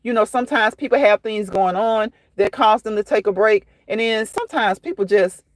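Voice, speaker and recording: A woman's voice: medium pitch, moderate pace, dry recording. A woman hosting a casual live stream, reading viewers' comments aloud and reacting to them in a chatty way that often repeats phrases.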